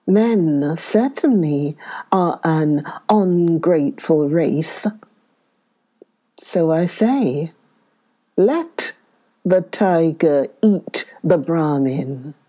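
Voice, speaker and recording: Woman doing a mournful whispering banyan tree, slow, mellow, storybook. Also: deep voice, animated, exaggerated voice. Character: sorrowful old banyan tree, bitter at mankind.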